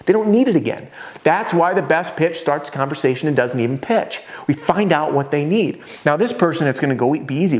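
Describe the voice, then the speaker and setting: Energetic man teaching a sales lesson. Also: on the high side. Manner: energetic, acts out homeowner voices; casual, conversational teaching with asides. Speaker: roofing sales trainer.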